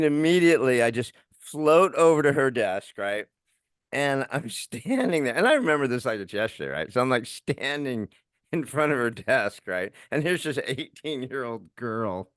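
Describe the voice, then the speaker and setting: A middle-aged man co-hosting a podcast, telling a story in a casual, animated way and laughing often as he talks. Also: mid-range voice, dry recording, clean studio sound. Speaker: podcast co-host.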